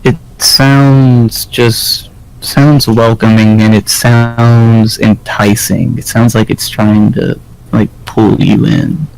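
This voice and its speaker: A man running a tabletop game as game master, narrating in a halting way with many fillers. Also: mid-range voice, flat delivery, vocal fry, soft background music, poor audio. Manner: hesitant, filler-heavy improvised narration.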